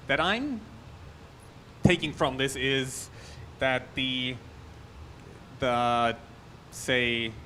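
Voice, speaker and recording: A man with a German accent gives a conference talk on a technical topic in a conference hall, in a medium-pitched, slightly bright voice with a little hiss or hum. His delivery is loose and chatty, with restarts and asides.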